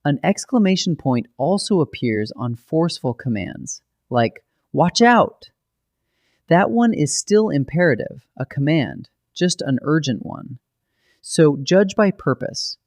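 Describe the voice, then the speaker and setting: A man narrating a scripted grammar lesson, explaining rules in a steady, methodical way. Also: on the high side, a little slow, no echo. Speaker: grammar teacher.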